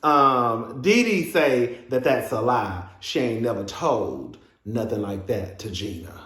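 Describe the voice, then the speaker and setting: A man's voice: mid-range voice, takes it slowly, reverberant. A man giving a sassy, gossipy review of a reality show episode, with lots of laughing asides. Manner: sassy and animated, with frequent laughs and "girl". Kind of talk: casual gossipy commentary.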